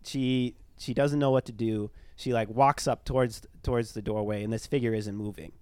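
A man's voice: mid-range voice, fairly even intonation, normal speed, a little mellow, clean tone, no echo. A young man telling a ghost story in casual podcast chat, rambling, with lots of fillers. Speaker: storyteller, former tour guide.

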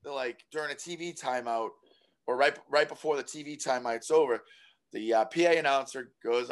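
A man's voice: mid-range voice, moderate pace. A man telling a story in casual chat, swearing freely, laughing and acting out what people said. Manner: profane, animated, laughs a lot, acts out quotes. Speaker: podcast co-host telling a story.

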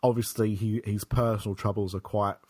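A man's voice: lowish voice, flat delivery, fairly quick, darkish tone, no room sound, studio quality. A man co-hosting a podcast in casual chat, hesitant and conversational, with restarts and fillers. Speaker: podcast co-host.

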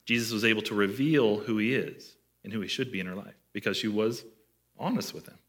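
A man's voice: on the low side, fairly quick, fairly bright tone. A man preaching a sermon as pastor, conversational and asking his listeners questions.

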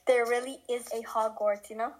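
Chatty teen girl, slightly high. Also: fairly even intonation, normal speed, poor audio. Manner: enthusiastic, filler-heavy. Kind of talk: casual video-call chat.

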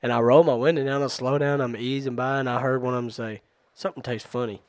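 A man's voice: mid-range voice, steady tone, fast talker, no room sound. A man hosting a podcast, telling jokes and chatting casually with friends. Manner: joking, chatty storyteller. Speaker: podcast host. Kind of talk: casual chat.

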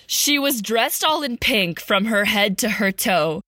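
A woman's voice: medium pitch, lively intonation, unhurried, sharp tone, no echo, studio quality. A woman co-hosting a podcast, reciting a comic holiday poem and chatting, often breaking into giggles. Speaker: podcast co-host.

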